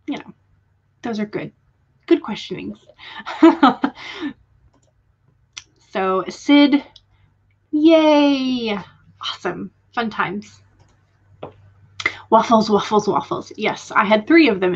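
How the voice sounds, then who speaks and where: Young Southern woman, casual stream host, friendly chatter, muffled lo-fi audio. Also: medium pitch. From Georgia, US. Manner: chatty, greets viewers by name, laughs often. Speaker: livestream host. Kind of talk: casual livestream chat.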